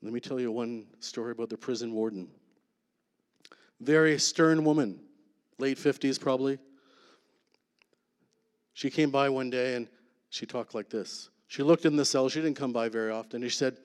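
A man tells his story in earnest, measured phrases, pausing for effect. He often drops to a soft, intense hush to land a point, in the manner of a church testimony. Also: medium pitch, in a large hall. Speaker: guest speaker.

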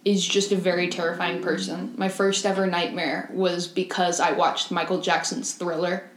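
A young woman co-hosting a podcast, teasing and animated, quick to laugh in casual chat. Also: on the low side. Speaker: podcast co-host. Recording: roomy echo.

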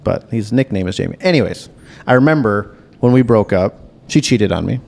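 A young man, a podcast guest, chatting casually and telling stories in a loose, frank way with a gravelly voice. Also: fairly low pitch, expressive, brisk, darkish tone. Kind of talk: casual chat.

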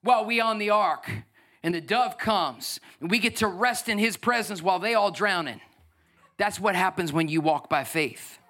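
A man in his thirties preaching a lively sermon as pastor, acting out voices and swinging from loud bursts to soft, tearful moments. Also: high-pitched, normal speed. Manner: energetic, acts out voices, swings from shouting to near tears.

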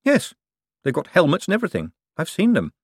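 A man voicing a quick-witted, smooth-talking young male con man with a glib, teasing manner. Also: high-pitched, wildly swooping pitch, dry recording, studio quality, pitched above the performer's own voice, heavily acted.

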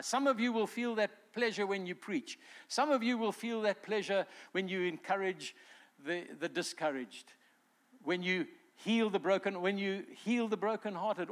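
High-voiced man preaching with fervor. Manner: animated preaching, voices quotes with swelling emphasis. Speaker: pastor. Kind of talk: sermon.

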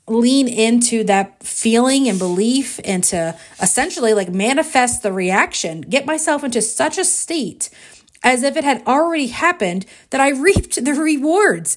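Woman podcaster rambling through a story, kinda high voice, lots of likes, super animated. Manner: chatty, animated, lots of "like" fillers. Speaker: podcast host. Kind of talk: casual solo podcast storytelling.

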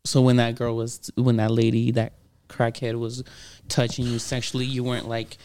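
A man's voice: medium pitch, completely flat delivery, normal speed, a little mellow, smooth, no room sound. A young married man bantering on a podcast, joking around and swearing, calling everyone bro. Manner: joking, profane, calls people bro. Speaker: podcast co-host. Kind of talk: casual banter.

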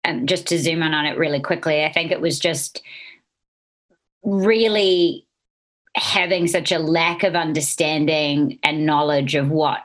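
A New Zealand woman in her thirties chats as a guest in a casual podcast interview, laughing often and speaking with lots of animation. Her voice is low-pitched, with fairly even intonation and a measured pace.

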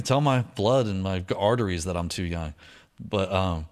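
A middle-aged man telling a personal story in a casual, slangy way, switching into lively voices for the people he quotes. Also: deep voice, a little fast. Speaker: speaker sharing a recovery story.

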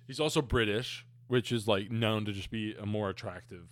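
A man's voice: on the low side, moderate pace, no echo. Dry, sardonic young man. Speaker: podcast co-host. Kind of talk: casual chat.

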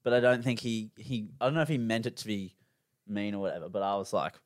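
A man's voice: on the low side, quick pace, no echo. A young Australian man co-hosting a podcast in casual chat, laid-back, laughing often and swearing freely. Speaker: podcast co-host.

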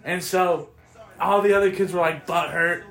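A man's voice: high voice, normal speed, creaky, reverberant. A man telling stories in a casual chat, profane and laughing as he goes. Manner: profane, laughing, animated storytelling. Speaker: podcast host.

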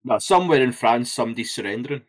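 A man's voice: mid-range voice, lively intonation, rapid-fire. A man co-hosting a podcast, trading dry, sarcastic wisecracks in casual chat. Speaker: podcast co-host.

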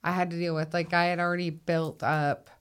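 A woman with a Minnesotan accent, a guest talking in a reflective, unhurried way and laughing easily. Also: fairly low pitch, little pitch movement, clear, resonant tone. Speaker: guest, 911 call taker and dispatcher. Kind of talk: casual conversation.

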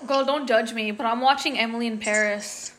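A woman's voice: fairly high pitch, steady tone, fairly quick, a bit bright, slight background noise. A young woman co-hosting a podcast over a phone call, venting in a heated, profane casual chat. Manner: profane, heated ranting storyteller. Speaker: podcast co-host.

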